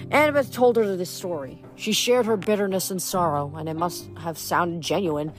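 A woman's voice: on the low side, moderate pace, few pauses, faint music behind. Woman reading a novel aloud. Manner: plain reading with slips and restarts. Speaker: reader.

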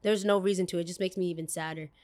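A woman hosting a podcast, telling a story in a rambling, expressive way and swearing casually. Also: lowish voice, rapid-fire. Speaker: podcast host.

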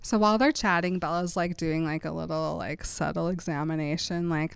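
A young woman co-hosting a podcast, recapping a story in casual chat and quoting the characters in a flat deadpan between laughs. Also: low voice, normal speed, vocal fry, few pauses, clear, resonant tone, no echo. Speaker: podcast co-host.

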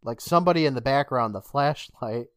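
Animated man recapping an episode, dry sound. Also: mid-range voice, brisk, no room sound. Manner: animated, acts out quotes with laughs. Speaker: podcast co-host. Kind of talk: casual chat recapping a TV episode.

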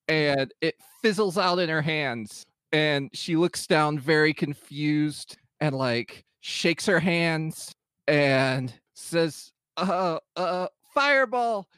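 A man playing a tabletop game, describing his character's actions in a measured way. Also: fairly high pitch, a bit bright, smooth, dry recording, clean studio sound. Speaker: player.

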